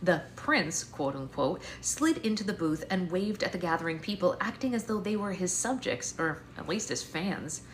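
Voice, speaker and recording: A woman author reading her own novel aloud in a live stream at home, with wry, expressive first-person narration on a phone mic. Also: lowish voice, normal speed, few pauses, a little hiss or hum.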